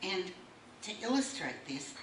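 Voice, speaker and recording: A woman's voice: lowish voice, sing-song, unhurried, far from the mic. A woman giving a wry speech at a book launch and reading a poem aloud. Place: bookshop room. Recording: echoey room recorded from afar, faint noise.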